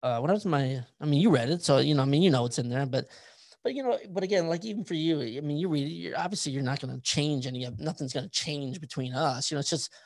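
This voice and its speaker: A man's voice: fairly high pitch, fast talker, creaky, darkish tone, no echo. A man hosting a podcast, chatting casually about his own life, rambling and repeating words as he thinks aloud. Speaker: podcast host and author. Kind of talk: casual interview chat.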